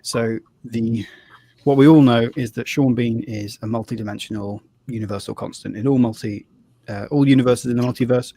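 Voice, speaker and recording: A man's voice: fairly low pitch, a little mellow, breathy edge. A man hosting a live tabletop game stream as game master, talking in a loose, chatty way with fillers and restarts.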